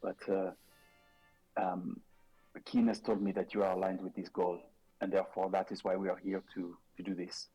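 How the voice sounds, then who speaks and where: Man voicing a hushed, earnest cloaked ally, deep husky tone, halting speech. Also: flat delivery, soft background music, poor audio.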